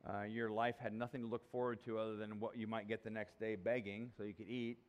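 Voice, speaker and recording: A man's voice: on the low side, flat delivery, fairly quick, lo-fi sound. A male pastor preaching a sermon in a conversational, jokey, emphatic way.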